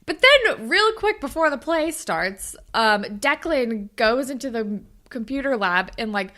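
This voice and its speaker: A young woman co-hosting a chatty podcast, retelling scenes with lively, exaggerated character voices. Her voice is bright and a touch high. She talks loosely, full of "like" and quick asides. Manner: animated retelling, acts out characters' lines. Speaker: podcast co-host. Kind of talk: casual recap chat.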